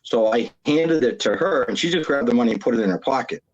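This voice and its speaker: A retired police officer from Massachusetts telling a prank story on a podcast, acting out the other people's voices with animation. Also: male voice, medium pitch, lively intonation, fast talker, highs cut off.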